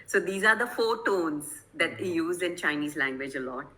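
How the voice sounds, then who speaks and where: A woman's voice: low voice, expressive, moderate pace, bright, forceful tone, poor audio. A woman from Kerala, giving an online lecture to teachers over a video call, explaining things patiently and often checking whether her listeners follow. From Kerala, India. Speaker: guest presenter.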